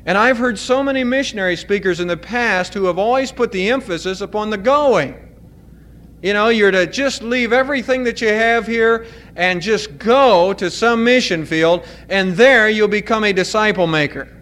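A man preaching a sermon as pastor of his church, explaining scripture in an earnest, deliberate way with careful emphasis. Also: high voice, a bit bright.

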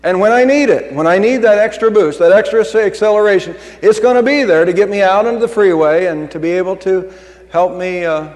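A man's voice: high-pitched, a little fast, a little mellow. A middle-aged male pastor preaching a sermon in an earnest, conversational way. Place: church. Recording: long hall reverb.

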